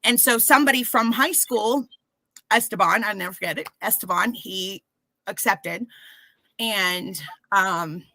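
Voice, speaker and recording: Bright-voiced woman telling her story. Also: medium pitch, measured pace, dry recording, low-quality recording. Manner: animated, acts out quoted voices. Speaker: podcast guest. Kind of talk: candid personal storytelling.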